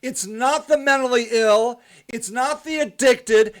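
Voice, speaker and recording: A high-voiced man hosting a live stream show delivers an impassioned monologue at an unhurried pace. He's preachy and repetitive, ranting at first and then drifting into soft rambling.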